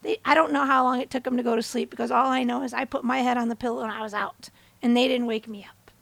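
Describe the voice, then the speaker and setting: High, gravelly-voiced woman telling a story. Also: quick pace, dry recording. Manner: animated, acts out her own and others' words in bigger voices; conversational, asks listeners "right?". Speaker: host. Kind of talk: motivational storytelling talk. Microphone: camera.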